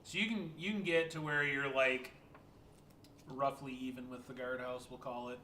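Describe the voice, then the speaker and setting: A man narrating a tabletop game as game master, relaxed and hesitant with many fillers. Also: medium pitch, moderate pace. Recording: echoey room with background noise.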